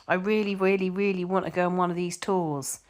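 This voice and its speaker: A woman's voice: on the low side, flat delivery, a little fast. Chatty English woman reading comments. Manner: chatty, repeats words, tells anecdotes. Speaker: vlogger reading viewer comments. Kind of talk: casual chat.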